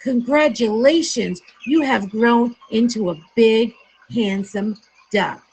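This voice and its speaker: A woman's voice: a little high, takes it slowly, a little mellow, slight background noise, low-quality recording. A woman voicing a big bad snake who speaks in a grand, declaiming way. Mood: admiring.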